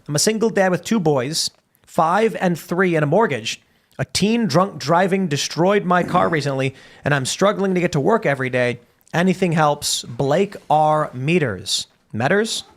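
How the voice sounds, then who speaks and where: A man's voice: fairly high pitch, expressive, moderate pace. A man hosting a talk show, reading viewer messages aloud and rambling through a long story. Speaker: podcast host. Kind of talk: casual talk-show banter.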